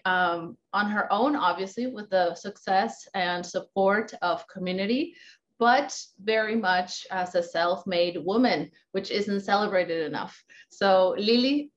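Upbeat woman host, slightly muffled sound. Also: mid-range voice. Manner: upbeat, chatty, laughs along. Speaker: podcast host. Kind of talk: casual interview.

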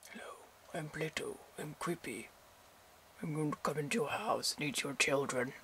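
A man voicing a creepy, sinister man in a hushed, slow drawl. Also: fairly high pitch, a little hiss or hum. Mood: menacing. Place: bedroom, in bed.

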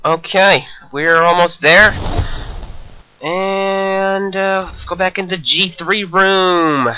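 A young man rambles through his gameplay commentary, cracking jokes and chattering to himself. His voice sits a touch high and comes across very bright and cutting. A faint hiss lies under the recording. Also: fairly even intonation, slow pace, muffled recording. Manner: rambling, jokey, talks to himself. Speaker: let's play commentator. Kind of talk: game commentary.

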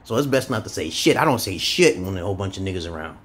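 A man vlogging a rambling, profane monologue, tagging lines with "okay?" and jumping up in pitch for emphasis. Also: fast, breathy edge. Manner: animated, jumps up in pitch for emphasis. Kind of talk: casual ranting monologue.

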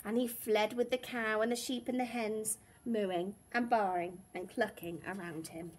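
A woman teacher reading a picture book aloud to young children in a gentle, expressive storytelling way. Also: mid-range voice, a little slow, a little hiss or hum.

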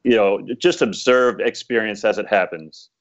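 A man's voice: on the low side, normal speed, lo-fi sound. A man being interviewed as an author, telling a story in a rambling, casual way with many fillers. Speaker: author guest.

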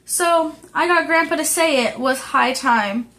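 A woman's voice: high voice, a little slow, bright, forceful tone, voice pushed up, full character voice. Woman reading as Laurie, a kind eager boy.

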